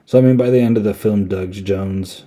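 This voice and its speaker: A podcast host recaps a movie in a relaxed, meandering way, peppering his talk with "like" and "um." His voice is fairly low and warm, moving at an ordinary pace.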